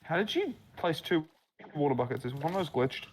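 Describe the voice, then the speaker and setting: A man's voice: on the high side, sing-song, brisk, a little hiss or hum, poor audio. A man telling a rambling story full of fillers during a casual gaming chat, speaking over a voice call. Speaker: map builder guiding a playthrough.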